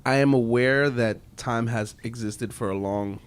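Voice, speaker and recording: A man's voice: mid-range voice, measured pace, clear, resonant tone. A young man moderating a casual podcast chat in a laid-back, chatty way, with lots of filler words.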